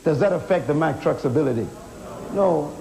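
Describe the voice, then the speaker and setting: A man's voice: on the high side, animated, a little fast, vocal fry, a little mellow, slight background noise, low-quality recording. A man preaching a sermon in an auditorium, emphatic, asking rhetorical questions and calling the crowd to respond.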